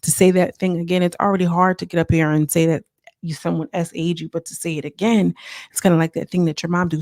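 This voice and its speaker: Chatty woman recapping reality tv, low voice with a gravelly edge, dry close sound. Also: little pitch movement, fast talker, a little mellow, no room sound. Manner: chatty, talks straight to viewers, acts out quotes. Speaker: reality TV reviewer. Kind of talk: casual recap commentary.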